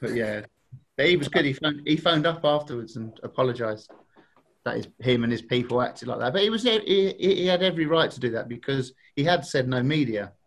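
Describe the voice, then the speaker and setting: A man's voice: mid-range voice, expressive, a little fast. A man, a podcast guest telling funny anecdotes in a chatty way and laughing as he goes. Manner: chatty, laughing, acts out quoted voices.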